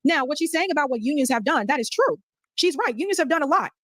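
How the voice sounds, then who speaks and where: A woman's voice: high voice, animated, quick pace, fairly bright tone, no room sound, clean studio sound. A woman commentator reacting to a speech clip with incredulous, mocking questions. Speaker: political commentator.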